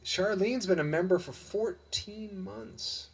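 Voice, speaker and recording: A man's voice: high-pitched, takes it slowly, gravelly, slightly rough. A middle-aged man hosting a live-streamed music show, chatting with viewers and greeting them by name. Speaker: livestream musician host. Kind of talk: live-streamed singalong and chat. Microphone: webcam or computer mic. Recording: faint guitar music behind.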